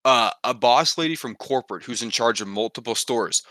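Bright-voiced young man telling a story. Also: medium pitch, fairly quick, no room sound. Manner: animated, acting out quotes, swearing freely. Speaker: podcast co-host. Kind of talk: casual storytelling chat.

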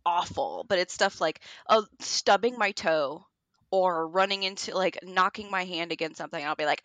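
A woman co-hosting a podcast, telling animated stories in casual chat, swearing freely and laughing often. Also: mid-range voice, moderate pace, dry recording. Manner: animated storyteller who swears and laughs a lot. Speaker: podcast co-host.

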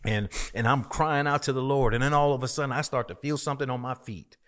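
A man's voice: mid-range voice, fairly even intonation, quick pace, a bit bright. A man, a minister, telling his personal testimony as a guest in a conversation, emphatic and repetitive as he tells the story.

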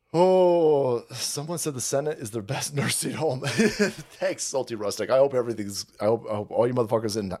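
A man hosting a livestream, ranting profanely about politics in a mocking, crude way. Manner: crude, mocking, swings between high sarcastic mimicry and low grumbling. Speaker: livestream host.

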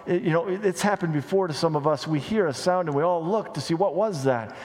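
A pastor delivers a sermon in a church sanctuary, his voice animated and swinging widely in pitch, rising on questions and sinking low for emphasis. He talks fast, slipping in conversational asides and light humor. The long reverb of a large hall colors the recording.

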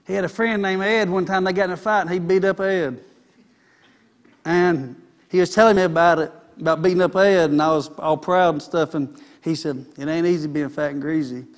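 High-voiced preacher. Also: male voice, steady tone, moderate pace. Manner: folksy, conversational preaching with vernacular. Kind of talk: sermon.

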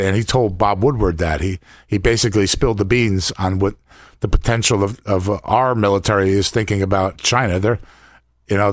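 A man's voice: fairly low pitch, dry recording, clean studio sound. Blunt, indignant male talk show co-host. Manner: blunt, indignant, plain-spoken. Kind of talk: casual political chat.

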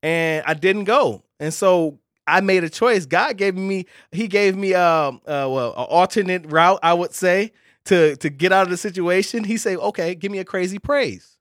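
A man with telling a lively faith story in casual podcast chat, acting out voices and laughing often. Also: high-pitched, normal speed, no room sound, studio quality.

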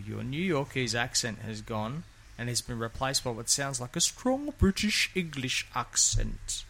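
A man's voice: medium pitch, vocal fry, bright, forceful tone. A man, co-hosting a casual podcast chat in a jokey, rambling way. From Australia. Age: 50s. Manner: jokey, rambling, laughs often. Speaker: podcast co-host.

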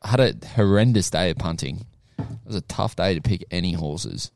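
A man's voice: low voice, animated, a little fast, darkish tone, no echo, studio quality. A young Australian man hosting a casual pub-chat podcast, slangy and upbeat, laughing often. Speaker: podcast host.

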